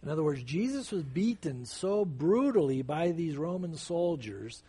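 Husky-voiced, fervent preacher man. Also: fairly high pitch, expressive, unhurried, dark tone. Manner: emphatic, conversational preaching with sudden bursts of intensity. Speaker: pastor. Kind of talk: expository sermon.

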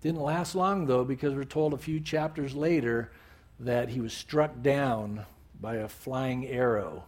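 A male preacher retelling a Bible story in a sermon, with animated storytelling and bursts of emphasis. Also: mid-range voice, a little slow.

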